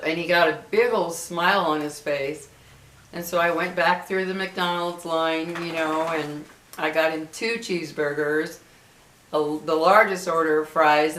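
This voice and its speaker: A woman's voice: fairly low pitch, fairly bright tone. A woman in her fifties, talking casually to her viewers and telling a story in a chatty, emotional way, with many fillers and restarts. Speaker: vlogger. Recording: echoey room.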